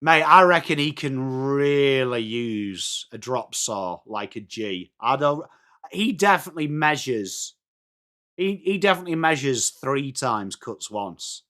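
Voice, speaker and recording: Excitable English man calling footy live. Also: mid-range voice, measured pace. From England. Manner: chatty, excitable, breaks into shouts at big plays. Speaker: host of a fan watchalong. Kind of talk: live fan commentary on a football match.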